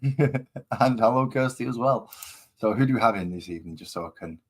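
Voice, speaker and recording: A man's voice: on the low side, fast. A man with a West Midlands accent, chatting casually and rambling with self-mockery while he sets up and paints on a live stream. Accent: West Midlands English.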